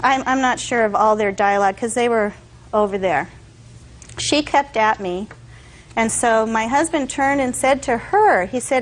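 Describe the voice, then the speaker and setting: A woman's voice: a little high, unhurried, rough recording. A woman testifying as a defendant in court, telling her side in long detailed stories and acting out what others said.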